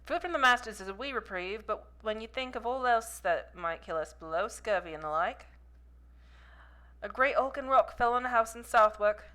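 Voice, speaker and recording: A woman's voice: fairly low pitch, unhurried, long pauses, pushed and bright, clean tone. A woman voicing a gloomy young Scottish man in a clumsy put-on Scottish accent, glum and plain-spoken.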